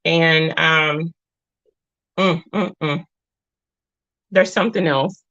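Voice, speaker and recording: A woman in her thirties speaks with a low-set, heartfelt voice, wandering off her point and finding her way back again. She sounds earnest and emotional, close to tears. The sound is dry and muffled, with a lo-fi dullness. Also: steady tone, takes it slowly, sharp tone, dry recording. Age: 30s. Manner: earnest, rambling, drifts off topic and back. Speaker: live-stream host. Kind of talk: heartfelt live chat with viewers.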